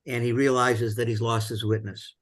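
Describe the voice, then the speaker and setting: A man's voice: medium pitch, little pitch movement, normal speed. A man hosting a film discussion, retelling scenes casually with many fillers and restarts.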